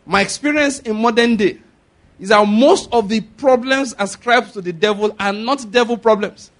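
A man preaching a sermon, often pausing to ask the congregation if they follow his point. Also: high-pitched, fairly bright tone. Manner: repeats rhetorical questions to the congregation. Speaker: pastor.

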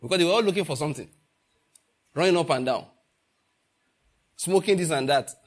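A man's voice: fairly high pitch, lively intonation, fairly quick. A man preaching a sermon, asking the congregation rhetorical questions and repeating phrases for emphasis.

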